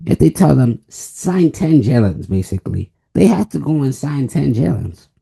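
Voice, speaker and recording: A man's voice: mid-range voice, sing-song, moderate pace, vocal fry, warm tone, slightly rough. A twenty-year-old man from the United States giving an emphatic sports opinion monologue, repeating key phrases for stress. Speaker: sports vlogger.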